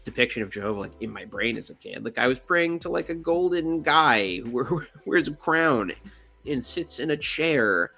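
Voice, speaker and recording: A man's voice: normal speed, vocal fry, faint music behind. A young adult man hosting his channel, rambling and joking in casual commentary on pictures. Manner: rambling, joking, animated pitch swings. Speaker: channel host.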